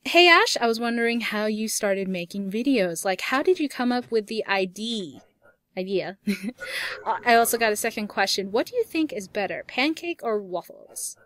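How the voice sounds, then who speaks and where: A young woman with a mid-range voice speaks at a normal pace as a YouTube gaming host running a casual Q&A. She reads viewer questions aloud and answers chattily, laughing often and swearing lightly.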